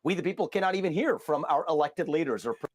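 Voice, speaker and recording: A male politician answering an interview in a measured, formal, speechlike way. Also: on the high side.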